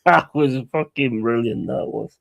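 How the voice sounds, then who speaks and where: A man's voice: mid-range voice, unhurried, gravelly, no room sound, dull audio. A man chatting casually on a live stream, rambling and swearing between chuckles.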